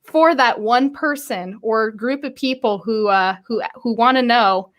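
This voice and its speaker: A woman hosting a live-streamed career interview, bubbly and excitable, often stumbling over her words. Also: fairly high pitch, unhurried. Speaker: host.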